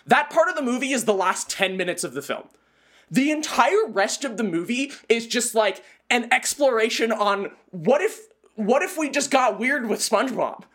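A woman's voice: a little high, sing-song, moderate pace. A woman co-hosting a casual podcast chat, blunt and opinionated, laughing often. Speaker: podcast co-host.

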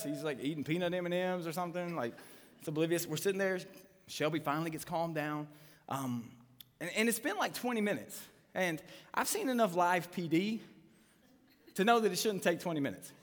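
A man in his thirties, a pastor telling a story in a live sermon and acting out the voices of the people in it. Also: sits high. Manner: animated, acts out quoted lines. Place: church auditorium. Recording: long reverb of a live church hall.

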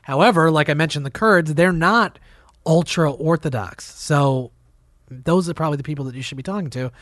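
A man's voice: a little high, normal speed, fairly bright tone, dry recording, studio quality. A man co-hosting a podcast, chatting casually and bluntly about politics, swearing and laughing often. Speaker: podcast co-host.

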